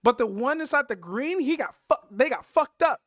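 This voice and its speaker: A woman's voice: high-pitched, animated, moderate pace, no echo, dull audio. A woman hosting a podcast, recapping a story in rambling, profane casual chat. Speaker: podcast host.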